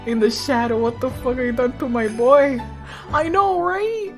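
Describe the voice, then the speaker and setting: A woman's voice: sits high, moderate pace, soft background music. Swearing, laughing woman streamer. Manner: loud, laughing, swearing reactions. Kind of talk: casual gaming commentary.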